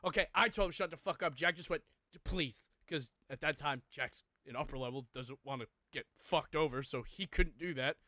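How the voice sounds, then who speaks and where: A young man co-hosting a podcast retells a personal story intensely and emotionally, swearing heavily. His voice is fairly high and fairly quick with few pauses, sounding pushed and bright, and there is no echo.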